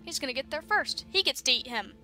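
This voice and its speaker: A woman's voice: high-pitched, animated, brisk, sharp tone, soft background music. A young woman giving casual, chatty commentary while playing a horror game, with laughing asides. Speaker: gamer. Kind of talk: casual let's-play commentary.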